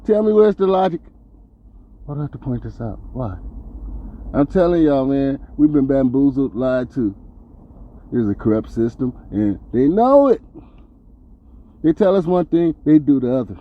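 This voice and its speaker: A man hosting a podcast, delivering a profane, heated and sarcastic rant that swings between loud outbursts and low mutters. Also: expressive, normal speed, pauses often, dull audio. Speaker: podcast host. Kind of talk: ranting commentary monologue.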